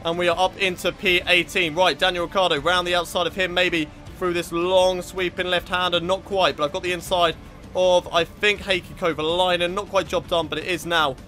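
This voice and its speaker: A young man from Britain talks through his racing game run with a high voice and a bright, sharp edge. He swears freely and flares up loudly at drivers who get in his way. Faint game music plays underneath. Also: flat delivery, a little fast. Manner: frustrated, sweary, shouts at rival drivers. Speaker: gaming YouTuber.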